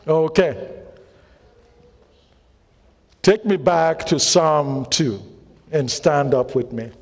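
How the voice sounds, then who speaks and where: A man's voice: a little high, extremely slow. A man preaching a sermon as pastor, quizzing the congregation with call-and-response questions and repeating lines with emphasis. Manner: emphatic repetition, bursts of shouting. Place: church hall. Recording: long hall reverb.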